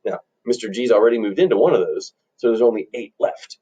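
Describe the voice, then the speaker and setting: A man teaching music by telling a playful story to children, in an animated storyteller manner. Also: on the low side, fast, husky, recorded from a distance. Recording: dull lo-fi recording.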